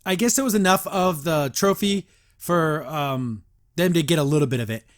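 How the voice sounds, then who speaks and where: Guy recapping a cartoon episode, chatty, laughs a lot, slightly high voice. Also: normal speed, faint music behind. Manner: chatty, laughs often, lots of filler "like". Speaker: host. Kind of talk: casual episode review and recap.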